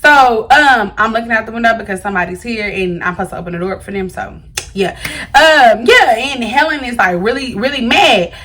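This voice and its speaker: A young woman vlogger telling a storytime story to her viewers in an animated, slangy way. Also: fairly high pitch, a little fast. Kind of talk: storytime vlog.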